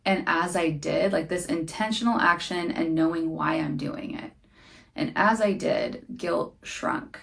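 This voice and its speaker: Young mom podcast host, kinda low voice with vocal fry, earnest and candid. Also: female voice, measured pace. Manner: earnest, faith-minded, candid about struggles. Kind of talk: personal reflective monologue.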